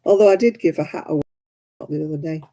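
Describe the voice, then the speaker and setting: Hosting a home crafting livestream, a woman talks fast in a deep, mellow voice. She rambles casually while she crochets, counting her stitches under her breath.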